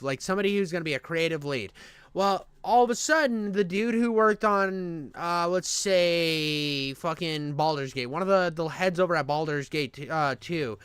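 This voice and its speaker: Male channel host, casual ranter, swears, restarts often; smooth tone, dry close sound. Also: high voice, fairly bright tone, no echo. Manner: profane, rambling, restarts a lot. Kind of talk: casual ranting monologue.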